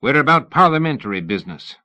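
A man's voice: mid-range voice, big pitch swings, fast talker, sharp tone, pitched above the performer's own voice. A man reading a swarthy, belligerent male agent who talks bluntly and coarsely.

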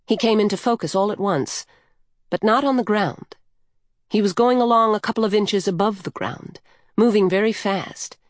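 A woman narrating a literary story in a measured, rhythmic way. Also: mid-range voice, no echo, clean studio sound.

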